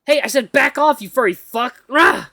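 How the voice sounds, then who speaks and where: Man doing a panicked young captive, high strained yelling, frantic, cursing, dry close sound. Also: animated, quick pace, no room sound, heavily acted. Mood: shouting.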